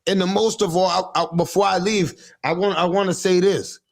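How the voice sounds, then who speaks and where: A man with a high, gravelly voice, an adult father, talks straight to his livestream audience in a steady, brisk tone. His loose street-talk monologue on parenting is blunt and full of swearing, and he keeps stopping, restarting and repeating himself as he seems to work through his own guilt.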